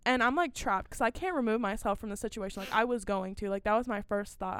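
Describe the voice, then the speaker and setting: A teenage girl and podcast guest, telling a work story in a casual, animated way, full of "like" and acted-out dialogue. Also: on the high side, brisk, few pauses, clear, resonant tone, no room sound. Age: teens. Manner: animated, filler-heavy retelling with quoted dialogue.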